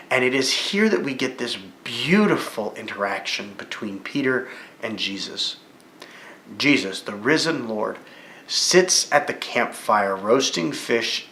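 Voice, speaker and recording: A man teaching a Bible study lesson in a church, retelling the story vividly and rising with excitement at key moments. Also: mid-range voice, a little hiss or hum. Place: church room. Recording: echoey room.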